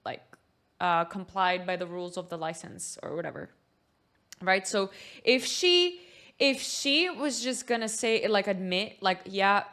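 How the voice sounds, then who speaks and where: A woman's voice: mid-range voice, a little slow, a bit bright. Rambling young woman streamer. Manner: rambling, heavy use of filler "like". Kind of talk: casual reaction commentary.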